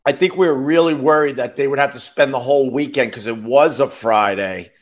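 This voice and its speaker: A man's voice: mid-range voice, a little fast. A middle-aged man, casually telling a long rambling story as a podcast host, laughing between phrases and restarting sentences. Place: outdoors near a beach with waves and birds.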